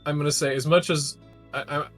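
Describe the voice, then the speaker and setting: A man's voice: fairly high pitch, fairly even intonation, a little fast, fairly bright tone, soft background music. A man playing in a tabletop game, talking in a goofy way and swearing casually. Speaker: player. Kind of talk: joking tabletop chat.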